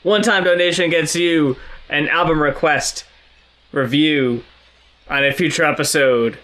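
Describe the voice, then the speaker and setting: A man co-hosting a podcast, chatting about an album in casual conversation with dry, deadpan asides. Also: fairly high pitch, a little slow. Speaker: podcast co-host. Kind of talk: casual album review chat.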